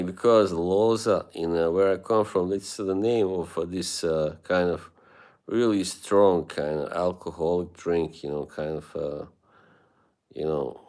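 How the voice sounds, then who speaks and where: Deep-voiced and a little mellow, this livestream host chats easily with his viewers as he reads their messages, with frequent laughter punctuating what he says.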